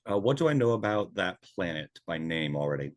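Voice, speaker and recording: Deep-voiced man playing a tabletop game. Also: big pitch swings, a little fast. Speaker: player. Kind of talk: casual chat.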